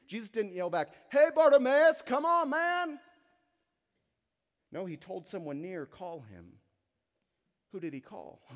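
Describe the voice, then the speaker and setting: A young man preaching a sermon in church, acting out the voices in the story and dropping to soft, intense tones. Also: a little high, long reverb tail. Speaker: pastor. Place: church hall.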